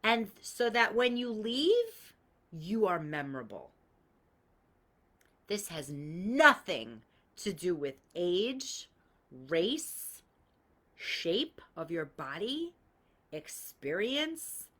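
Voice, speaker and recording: This woman's medium-pitched, fairly bright voice is sing-song and extremely slow, with long pauses. She hosts a casual live-stream coaching call, blunt and freely swearing, sharing everyday examples and naming viewers as she greets them.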